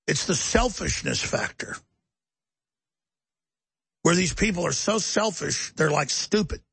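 A man's voice: fairly high pitch, expressive, measured pace, vocal fry, fairly bright tone, husky, no echo. A man hosting a talk show, delivering a heated, emphatic ranting monologue.

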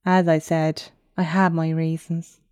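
A woman voicing a calm, smug enchantress who can turn into a wolf, speaking in cryptic warnings. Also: low voice, a little slow, clean tone, dry recording, clean studio sound. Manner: calm, cryptic, mildly mocking.

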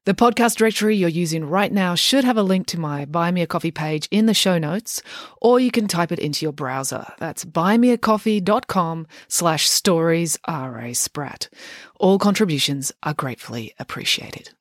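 Expressive woman reading bedtime stories. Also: fairly low pitch, moderate pace, no echo, studio quality. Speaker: children's author and podcast host. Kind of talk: bedtime story narration.

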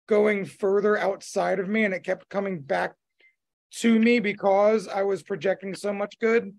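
Man, podcast host, gravelly edge, rambling, loose casual chat. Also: high-pitched. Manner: rambling, full of fillers and restarts.

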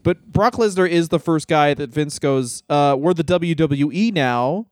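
A man co-hosting a comedy podcast in casual chat, swearing freely and correcting himself with quick jokey asides. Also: fairly high pitch, a little mellow, no echo, studio quality. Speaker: podcast co-host.

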